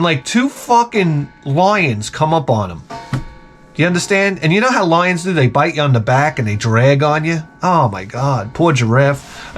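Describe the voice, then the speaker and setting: A man hosting his own vlog, telling a crude comic story in a rambling way with loud outbursts. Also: on the high side. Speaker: vlog host.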